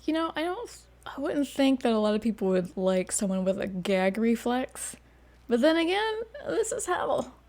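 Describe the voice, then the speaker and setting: A woman's voice: on the high side, very animated, normal speed, darkish tone. A woman hosting a reaction video, chatting casually and laughing often. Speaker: host. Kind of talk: reaction commentary.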